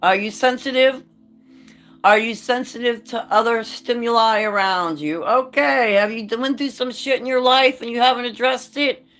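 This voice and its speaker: A woman's voice: fairly high pitch, moderate pace, few pauses, a bit bright, soft background music. A woman talking to camera in a candid vlog, blunt and profane, moving from reading aloud to an impassioned rant. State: choked up. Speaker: vlogger.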